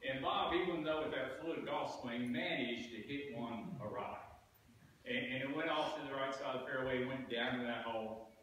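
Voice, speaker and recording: A man's voice: medium pitch, moderate pace, fairly bright tone, a little hiss or hum. Man telling a chuckling funeral story. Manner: folksy, chuckling anecdotes. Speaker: eulogy speaker. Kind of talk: storytelling eulogy. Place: church sanctuary. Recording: echoey room from a distant mic.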